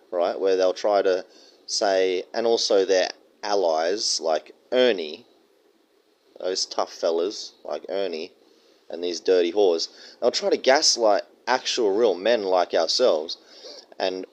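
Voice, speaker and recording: A man giving a profane, mocking rant. He often mimics other people in high, jeering tones. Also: takes it slowly. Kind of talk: crude reaction commentary rant.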